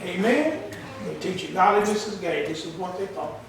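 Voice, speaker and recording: A man's voice: high voice, animated, moderate pace, creaky, background noise. A man preaching a sermon with call-and-response, emphatic and colloquial, heard in a church hall. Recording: roomy echo, from far off the mic.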